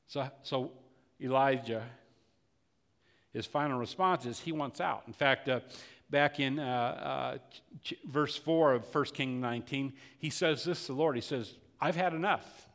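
A man's voice: medium pitch, normal speed, creaky, a bit bright. A man preaching a sermon as pastor, building intensity with many repeated words. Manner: preaching with rising intensity and frequent repetitions. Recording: long hall reverb.

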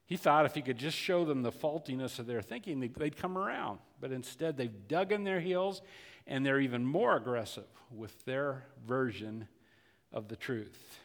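A pastor with a medium-pitched, expressive voice preaches a sermon at normal speed, building intensity through many repeated words. Long hall reverb surrounds his voice.

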